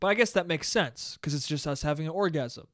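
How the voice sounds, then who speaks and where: A young man telling a rambling, profane story alone on his podcast, bursting into loud outbursts. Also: on the high side, a little fast, no echo, studio quality. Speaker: podcast host. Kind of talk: solo podcast monologue.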